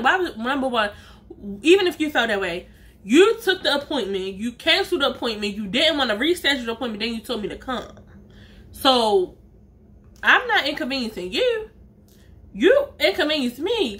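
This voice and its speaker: A woman vlogger telling a story in a casual, animated way, full of slang and emphatic asides. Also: high voice, normal speed. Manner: acts out other people's lines in her own voice.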